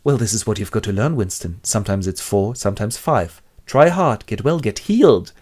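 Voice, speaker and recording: A man voicing a cold, smug interrogator who speaks in a calm, measured, mockingly polite way. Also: on the low side. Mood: coaxing.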